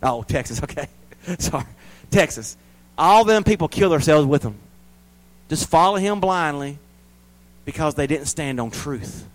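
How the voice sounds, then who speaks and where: A man preaching a sermon as a pastor to his church, rising loud and high, then dropping quiet and low. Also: lively intonation, a little fast, low-quality recording.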